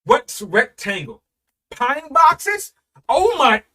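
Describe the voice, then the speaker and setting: A man in his thirties giving casual reaction commentary, animated and profane, laughing often and drawing out his exclamations. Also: very high-pitched, drawn-out words. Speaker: reaction video host.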